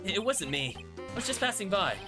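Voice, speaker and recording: A man's voice: high-pitched, sing-song, moderate pace, music in the background, pitched above the performer's own voice. A man reading a flustered young lawyer.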